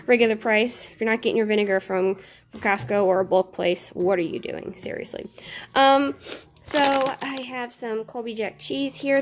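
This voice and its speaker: A woman's voice: medium pitch, a little hiss or hum. A woman in her thirties chatting casually through a haul vlog at home, slightly out of breath from a chest cough, rambling with frequent fillers and laughs. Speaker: vlogger.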